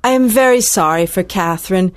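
A woman voicing a sympathetic middle-aged woman in a dramatized audiobook, speaking gently and with concern. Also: mid-range voice, brisk, no echo, clean studio sound, natural voice.

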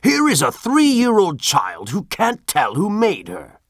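A man's voice: high-pitched, huge pitch swings, takes it slowly, no room sound, clean studio sound, pitched above the performer's own voice, exaggerated voice. A man voicing a stern, judgmental governor in an audiobook, speaking in a commanding tone.

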